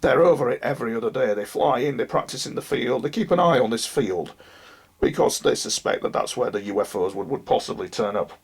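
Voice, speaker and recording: Speaking straight to viewers, this man recounts his UFO experiences in an earnest, wandering monologue to camera. His mid-range voice is expressive and brisk, slightly rough and creaky, and he seems sick, his voice giving out.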